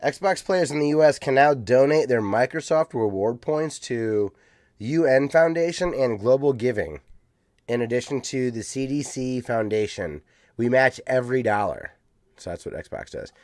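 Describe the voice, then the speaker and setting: In an easygoing, casual chat, a male podcast co-host reads out listener comments. His mid-range voice is expressive and a little mellow, moving at a moderate pace. The recording is dry, with clean studio sound.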